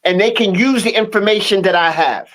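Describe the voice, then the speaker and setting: A man's voice: high-pitched, a little fast, a bit bright. A man guesting on a talk show, a teacher who speaks emphatically and tells proverbs and folk tales in a casual, repetitive way. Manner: emphatic, proverb-telling, repeats himself. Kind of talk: casual storytelling chat.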